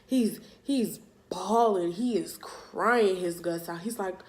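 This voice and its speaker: A young woman telling a personal story for her vlog, halting and emotional, with casual slang. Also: medium pitch. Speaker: vlogger.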